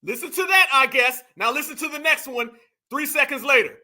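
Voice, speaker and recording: A man's voice: very high-pitched, lively intonation, brisk, bright, forceful tone. A man hosting a political commentary show, reacting to clips with incredulous, mocking exclamations.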